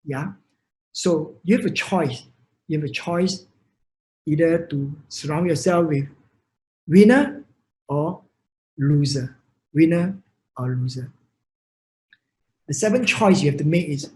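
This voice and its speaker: A man's voice: on the high side, poor audio. A man with a Vietnamese accent giving a motivational seminar talk, emphatic, repeating key words and often restarting his sentences. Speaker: motivational speaker.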